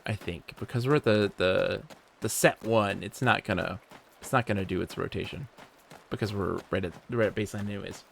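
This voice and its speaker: A man's voice: on the low side, gravelly, a bit bright, a little hiss or hum. A man commenting live on his gameplay, thinking aloud and chatting with a fellow player. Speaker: game streamer.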